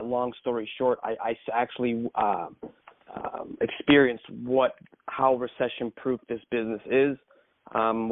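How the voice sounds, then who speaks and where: A man's voice: medium pitch, dry recording. A man introducing himself as a guest on a coaching conference call, speaking earnestly with frequent ums and restarts. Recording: phone line.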